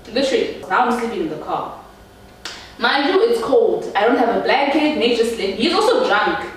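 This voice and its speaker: Young woman, animated storytime chat, slangy, very echoey room, faint background hum. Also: fairly high pitch, normal speed, recorded from a distance. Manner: animated, slangy, addresses viewers as guys. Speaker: vlogger. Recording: echoey room, voice a bit off-mic.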